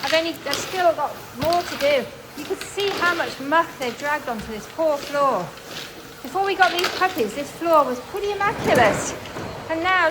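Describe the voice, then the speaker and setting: A chatty woman from England talks to her viewers while she vacuums and mops her farmhouse kitchen, her voice pitched a little high. She sounds a touch breathless and hoarse from the work, and she trails off and restarts as she goes. Clear household noise runs behind her. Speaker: cleaning vlogger. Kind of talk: casual chat while cleaning. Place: farmhouse kitchen and utility room, indoors.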